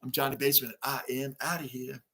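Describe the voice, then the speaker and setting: A man's voice: medium pitch, a little fast, a little hiss or hum. A man hosting a fan livestream, reacting emotionally to a game loss and greeting viewers in chat by name. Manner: emotional, animated, talks straight to chat. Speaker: livestream host.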